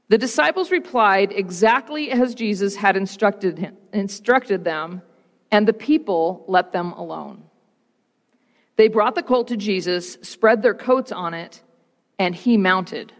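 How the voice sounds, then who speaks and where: A woman pastor reading the gospel and preaching, with slow, rhythmic repetition and dramatic pauses. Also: medium pitch, big-room sound.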